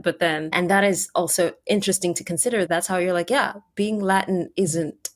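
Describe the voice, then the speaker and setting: A woman hosting a podcast interview, chatting casually with many "like" fillers and speeding up when excited. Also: fairly low pitch, normal speed. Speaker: podcast host.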